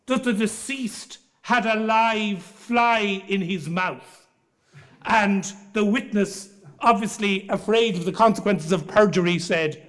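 Barrister guy lecturing on legal history, fairly high voice, tells stories at an even pace. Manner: measured storytelling with anecdotes.

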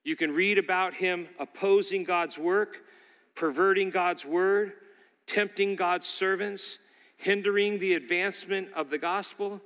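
A man's voice: sits high, steady tone, unhurried, a bit bright, in a large hall. A male pastor preaching a sermon, emphatic and fond of repeating key lines for emphasis.

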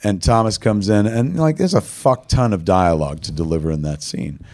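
Man host, lowish voice, swears a lot, rambling casual storytelling. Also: a little fast, a little mellow. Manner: heavy swearing, rambling anecdotes. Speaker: filmmaker host.

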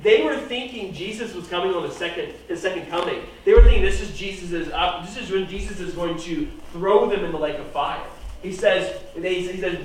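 A man preaching a sermon in an animated way, pushing his voice up and then dropping it low for emphasis. His voice sits high. He is recorded from a distance in a very echoey room. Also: moderate pace, a little hiss or hum.

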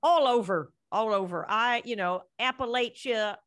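A woman's voice: a little high, normal speed, fairly bright tone, no room sound, studio quality. A woman comedian chatting casually as a podcast guest, with crude, playful banter. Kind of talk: casual chat.

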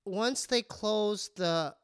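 A man's voice: high-pitched, very slow, smooth, no echo, clean studio sound. A man telling a comic personal story in casual chat, stammering and poking fun at himself. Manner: animated, stammering, self-mocking.

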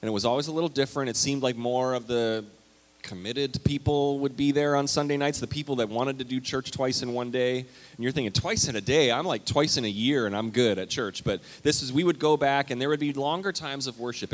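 A man's voice: mid-range voice, a little fast. A man preaching a conversational, story-filled sermon as pastor of a church. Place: church sanctuary. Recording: long hall reverb.

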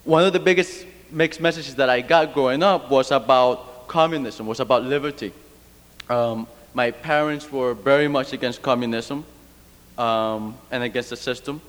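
A man from Cuba gives an earnest, reflective personal talk, using fillers and restarts, with the long reverb of a hall around him. His voice is medium-pitched, a bit bright, at normal speed.

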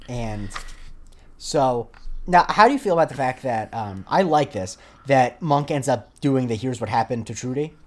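At a moderate pace, a young podcast co-host talks in a mid-range, slightly mellow voice with lively intonation. His casual chat drifts around, heavy on fillers and restarts.

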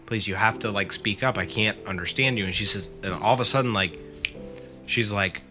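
Over music, a man with a lowish voice retells a scary story on a podcast at a fairly quick pace. His casual telling is filler-heavy, full of "like," and he quotes the original storyteller.

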